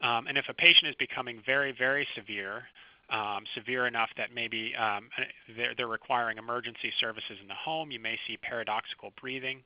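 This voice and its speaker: A man, a physician, giving a recorded medical lecture over slides, explaining clinical signs in a calm, teaching manner. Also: mid-range voice, brisk, no echo. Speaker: physician lecturing first responders. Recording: dry, slightly dull close recording.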